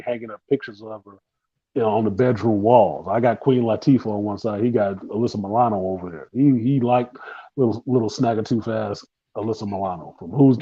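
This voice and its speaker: A man's voice: medium pitch, breathy edge, dull audio. A man co-hosting a live talk stream, telling crude, laughing stories in casual banter. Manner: crude, laughing, animated storytelling. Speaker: podcast co-host.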